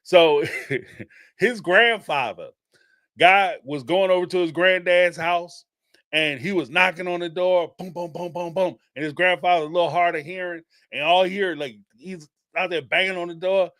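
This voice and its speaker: Man hosting a chatty live recap, slightly high voice, dry close sound, rambling and laughing. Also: moderate pace, fairly bright tone, no room sound. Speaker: reality TV recap host. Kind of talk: casual live-stream commentary.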